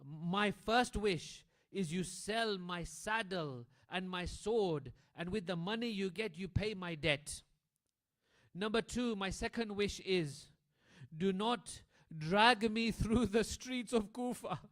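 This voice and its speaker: A man voicing a noble condemned man who speaks in quiet despair and in loud, impassioned pleas. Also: fairly high pitch, lively intonation, unhurried. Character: noble man, calm then pleading.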